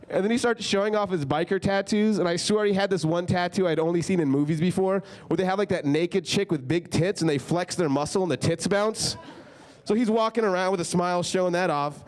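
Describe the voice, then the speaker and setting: A man's voice: sits high, a little fast, a little mellow. A young man doing a stand-up comedy set, telling stories in a loose, casual way full of "like". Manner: casual, filler-heavy storytelling with frequent "like". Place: comedy club stage.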